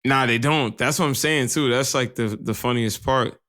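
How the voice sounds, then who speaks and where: A man's voice: mid-range voice, moderate pace, sharp tone, no room sound, clean studio sound. A man co-hosting a podcast in casual, rambling chat, swearing and laughing often. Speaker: podcast co-host.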